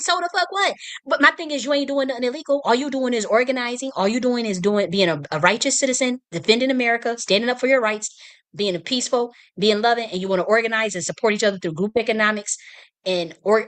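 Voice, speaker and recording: A woman hosting a livestream, delivering a heated, profane political rant full of restarts and repetition. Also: mid-range voice. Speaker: livestream host. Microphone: streaming mic.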